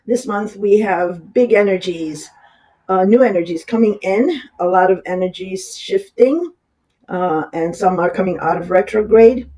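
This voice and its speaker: Astrologer, raspy from a cold, casual and rambling, apologetic, plenty of fillers. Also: mid-range voice, a little slow, warm tone, low-quality recording. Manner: rambling, with many fillers and restarts. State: has a cold. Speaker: astrologer giving horoscopes. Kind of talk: casual horoscope reading.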